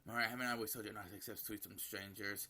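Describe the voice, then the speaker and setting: A man's voice: lowish voice, fairly even intonation, racing, bright, forceful tone, exaggerated voice. A man doing a scolding, short-tempered mother. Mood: stern. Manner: scolding, harsh.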